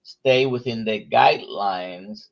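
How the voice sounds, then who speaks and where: Male host, slow and halting with pauses, lowish voice, dull muffled recording. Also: gravelly. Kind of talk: casual interview chat.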